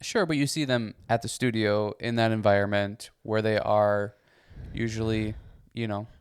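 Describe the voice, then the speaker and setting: A man co-hosting a podcast who calmly reasons and pushes back gently in casual chat. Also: on the low side, moderate pace, clean tone, no echo, studio quality. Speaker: podcast co-host.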